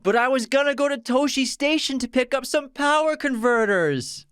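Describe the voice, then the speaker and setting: A man doing a whiny, petulant teenage farm boy from a film, in a high nasal voice. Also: animated, normal speed, a bit bright, clear, resonant tone, no echo, studio quality.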